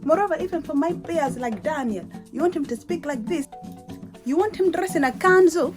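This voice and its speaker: A woman's voice: high-pitched, animated, moderate pace, music in the background, voice pushed up. A woman putting on an exaggerated Ugandan accent, playing a mocking, insistent speaker. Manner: teasing, pushy questions.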